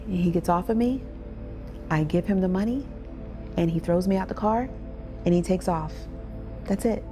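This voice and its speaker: A woman earnestly telling her own story as a survivor advocate, with restarts, over soft music. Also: on the low side, moderate pace. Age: adult parent. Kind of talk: personal testimony.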